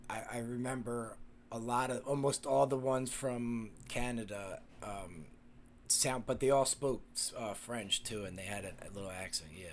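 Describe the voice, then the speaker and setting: A man's voice: medium pitch, normal speed, a little hiss or hum. A man, hosting a casual live stream and chatting with viewers in a rambling, profane way, full of fillers and restarts.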